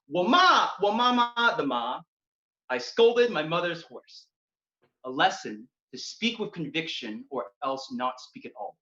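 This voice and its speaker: A man's voice: fairly high pitch, fairly bright tone. A man performing a spoken word poem at a poetry slam, with a rhythmic, emphatic delivery. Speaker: slam poet. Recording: dull, echoey venue recording.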